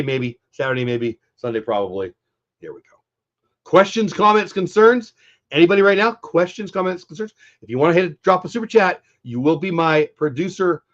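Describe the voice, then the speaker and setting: A man's voice: on the high side, animated, moderate pace, lo-fi sound. A middle-aged man with a stuffed-up voice hosting a casual live stream, chatty and upbeat, talking straight to his viewers. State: stuffy, congested. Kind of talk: casual post-game live-stream chat.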